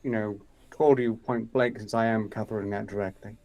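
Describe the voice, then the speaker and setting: A man's voice: on the low side, steady tone, a little fast, darkish tone. A man co-hosting a comedy livestream, rambling in a dry, mock-grand manner. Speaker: co-host. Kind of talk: live comedy stream.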